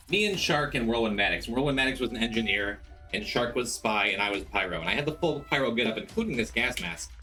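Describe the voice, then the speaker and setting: Lively male streamer, excited greetings. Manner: animated, jumps into excited high greetings. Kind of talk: casual game-stream chat. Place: home room.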